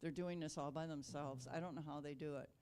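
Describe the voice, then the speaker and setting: A woman's voice: sits low, fairly even intonation, brisk, darkish tone, smooth. A middle-aged woman from Wisconsin giving a chatty, casual speech to a club, with lots of ums and light self-deprecating humor. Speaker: Rotary district governor.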